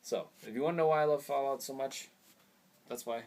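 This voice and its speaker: A man's voice: mid-range voice, a little fast, darkish tone, slight background noise. A young man hosting a casual gaming vlog, rambling and easily distracted, often laughing at himself. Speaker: gaming video host.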